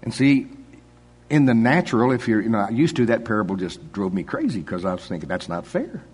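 A man's voice: lowish voice, lively intonation, brisk, darkish tone, slightly rough. An older man preaching a sermon in a folksy, conversational way, chuckling often.

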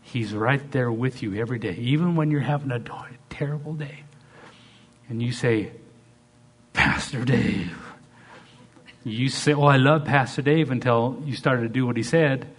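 A middle-aged male pastor delivering a lively sermon. He shifts from soft, almost hushed asides to loud, high bursts when he acts out what people say. His voice sits at an ordinary pitch for a man. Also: a little slow, pauses often, slightly rough. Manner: dynamic, swings between loud acted-out quotes and soft asides.

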